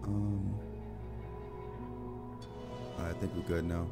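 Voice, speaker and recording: A man's voice: low voice, little pitch movement, very slow, creaky, over loud music. A man giving casual gameplay commentary, sarcastic and swearing freely.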